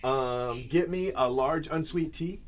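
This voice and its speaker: A man's voice: a little high, slow pace. A man hosting a card-break livestream, chatting casually in a teasing, rambling way.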